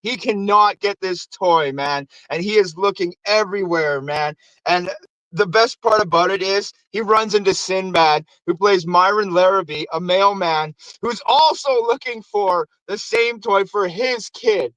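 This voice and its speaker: A man's voice: sits high, a little slow, dry recording, low-quality recording. A man hosting a show, casually recapping a movie with lots of swearing and acted-out quotes. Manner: animated, acts out quotes in raised voices. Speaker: show host.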